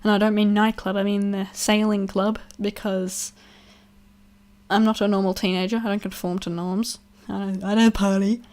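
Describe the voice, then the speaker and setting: A woman's voice: mid-range voice, little pitch movement, normal speed, darkish tone. A young woman telling a personal story in a casual vlog, rambling, swearing freely, laughing often and acting out what others said. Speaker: vlogger.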